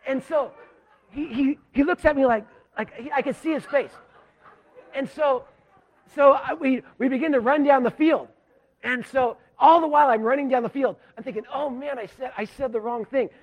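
A pastor from Southern California telling a self-deprecating story in a sermon, animated and full of restarts. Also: male voice, very high voice, moderate pace. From Southern California, USA.

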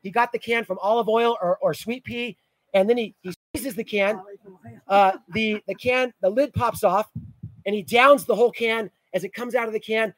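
A middle-aged pastor preaching with a high, husky voice. He tells stories, swelling and dropping his volume, and the sound is dry and close. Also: steady tone, moderate pace, no room sound, low-quality recording. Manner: storytelling preacher, rises and drops in volume. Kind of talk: sermon.

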